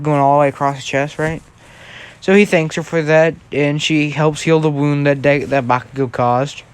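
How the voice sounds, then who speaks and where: A man's voice: on the high side, clear, resonant tone, no echo. A young man casually telling a fan-fiction story, rambling and often checking in with "right?". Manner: rambling, with frequent restarts and "right?".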